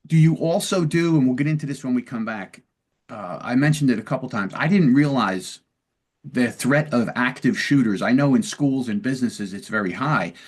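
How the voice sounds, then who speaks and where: With a mid-range, expressive voice at a moderate pace, this podcast host and police lieutenant walks through de-escalation techniques in a long-form interview. He keeps it conversational and acts out brief sample exchanges.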